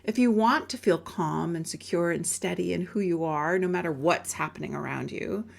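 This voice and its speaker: Female coach, low range with some vocal fry, chatty and emphatic sales delivery. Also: normal speed. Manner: conversational and emphatic, briefly acting out quoted voices. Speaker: life coach selling guided audios. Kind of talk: spoken sales pitch with a personal story.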